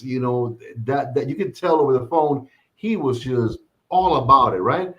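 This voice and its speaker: A man's voice: mid-range voice, fairly quick, highs cut off. A man co-hosting a podcast, telling a story in casual chat and acting out the quoted lines. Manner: animated storyteller who acts out quoted dialogue. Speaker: podcast co-host.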